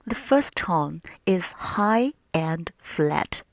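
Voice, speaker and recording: A woman teaching Mandarin pronunciation, carefully demonstrating each tone in drawn-out syllables. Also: fairly low pitch, lively intonation, vocal fry, no room sound, clean studio sound. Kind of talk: pronunciation lesson.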